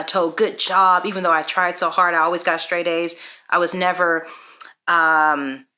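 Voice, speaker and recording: Earnest bright-voiced woman sharing a story. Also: low voice. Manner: earnest, reflective, many "um"s. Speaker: parenting vlogger. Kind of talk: personal testimony vlog.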